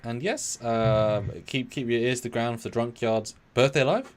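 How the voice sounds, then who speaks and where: A man co-hosting a casual live stream, joking and chatting with a lively manner. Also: medium pitch, moderate pace, smooth. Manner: animated, joking, self-deprecating. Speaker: co-host.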